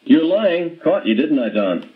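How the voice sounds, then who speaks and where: A man's voice: a little high, big pitch swings, a little slow. A man reading an audiobook, voicing a teenage boy who holds his class hostage and mocks his teacher with needling questions. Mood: taunting. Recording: dull muffled audiobook playback.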